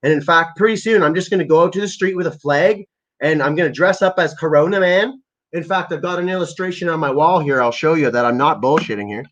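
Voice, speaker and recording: Guy ranting on his stream, swearing nonstop, aggressive and all over the place, kinda high voice, muffled lo-fi audio. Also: quick pace, fairly bright tone. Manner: heavy swearing, aggressive, rambling. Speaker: live streamer. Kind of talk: profane livestream rant.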